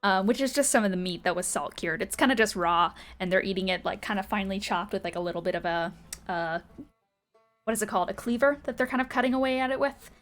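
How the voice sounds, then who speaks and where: A woman's voice: mid-range voice, fast talker, a bit bright, soft background music. Casual woman game master, rambling. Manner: casual, rambling with many fillers. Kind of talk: narrating a tabletop game.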